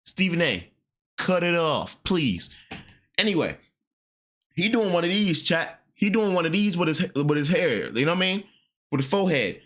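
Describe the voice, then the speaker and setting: A man in his early twenties streaming, reacting loudly and mockingly to a sports talk clip. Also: sing-song, moderate pace. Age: 20s. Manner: loud, mocking, with jumps into high falsetto bits. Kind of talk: reaction commentary.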